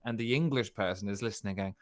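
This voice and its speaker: Guy chatting easy as a guest, relaxed storytelling. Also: on the low side, fast, dry recording. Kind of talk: casual chat.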